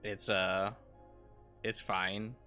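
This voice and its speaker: A man's voice: lowish voice, flat delivery, extremely slow, pushed and bright, faint music behind. A male streamer chatting casually while drawing on a livestream, rambling, laughing often, trailing off and humming to himself.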